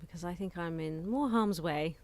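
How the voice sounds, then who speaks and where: A woman's voice: fairly low pitch, normal speed. A woman chatting casually and giggling as she live-streams a video game from home on a desk mic. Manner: chatty, giggly, talking to chat while playing.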